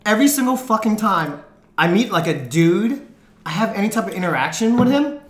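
A man co-hosting a podcast, telling a loud, profane story with lots of laughter and quick imitations of other people. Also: high-pitched, animated. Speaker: podcast co-host. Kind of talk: casual chat, storytelling. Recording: echoey room.

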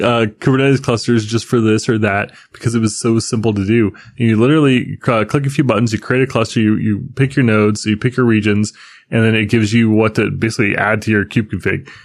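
A man's voice: mid-range voice, no echo. A man co-hosting a casual tech podcast, chatting and laughing as he rambles about his projects. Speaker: podcast co-host.

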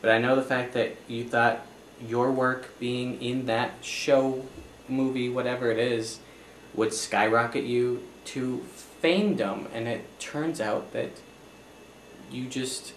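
A man's voice: medium pitch, steady tone, takes it slowly, roomy sound, a little hiss or hum. A young man playing a flustered, apologetic accountant in an improvised comedy scene.

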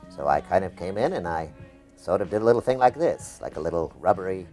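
A middle-aged man, a podcast guest, telling stories in a relaxed way with trailing restarts. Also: low voice, fast talker, faint music behind. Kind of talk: podcast interview.

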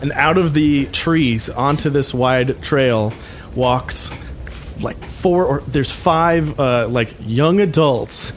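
A man's voice: mid-range voice, slow pace, a little hiss or hum. A man narrating a tabletop game as game master, setting scenes in a loose way with many fillers.

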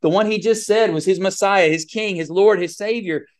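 A man's voice: sits high, moderate pace. A man preaching a communion sermon in an earnest, emphatic way, with fillers and restarts.

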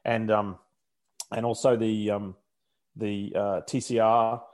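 Deep-voiced Australian man chatting. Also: level tone, takes it slowly, a little mellow. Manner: rambling, self-correcting, chuckling. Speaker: motorsport commentator. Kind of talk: casual chat.

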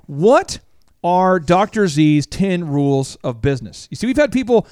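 A man hosting a talk radio show, enthusiastic and joking in quick banter. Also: high voice, big pitch swings, a little mellow, smooth, no room sound, studio quality. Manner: enthusiastic, joking, rapid back-and-forth. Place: radio studio. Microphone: studio microphone.

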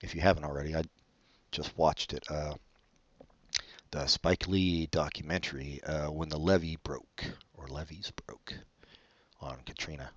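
A man with a deep voice rambles through a solo podcast episode, mumbling and putting himself down as he drifts between thoughts. The recording is dry and a little dull, with no room sound. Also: steady tone, unhurried, no room sound. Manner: mumbling, self-deprecating, trails off. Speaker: podcast co-host.

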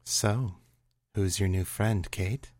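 A man reading the part of a sultry, teasing female medical examiner in a story, slow and suggestive. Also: sits low, a little mellow. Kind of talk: audiobook reading of a serial story.

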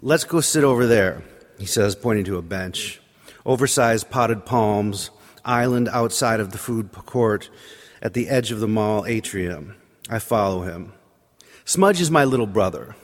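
A man's voice: fairly low pitch, unhurried. A man preaching in a church, telling a wry, self-deprecating personal story. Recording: long hall reverb.

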